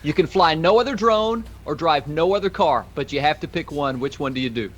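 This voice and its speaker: A man's voice: on the high side, animated, a little fast. A man co-hosting a live stream, asking playful, teasing questions. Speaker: co-host. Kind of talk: casual live-stream chat.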